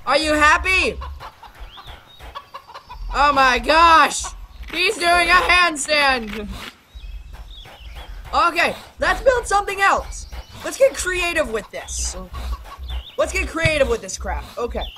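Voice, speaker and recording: A woman gaming YouTuber doing let's play commentary, excitable and chatty, talking to the creatures in the game. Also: high-pitched. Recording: game clucking and rooster noise behind.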